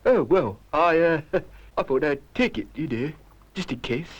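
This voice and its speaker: A man's voice: fairly high pitch, animated, measured pace. A man voicing a deferential, crafty chauffeur-butler who speaks in working-class phrasing to his lady, in an old puppet series. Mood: sheepish. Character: male chauffeur-butler, middle-aged, deferential but crafty. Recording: dull lo-fi archive audio with faint noise.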